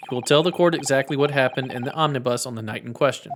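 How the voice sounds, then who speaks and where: A man's voice: medium pitch, fast talker, background noise, lightly acted. A man reading the lines of a stern elderly judge from a courtroom video game, in a plain, slightly raised voice. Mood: formal. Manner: read aloud plainly, a little raised. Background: faint game music.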